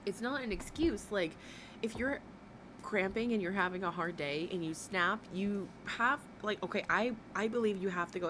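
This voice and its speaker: A woman's voice: medium pitch, moderate pace, background noise. A woman hosting a livestream, giving blunt, profane, exasperated commentary as she reacts to a video.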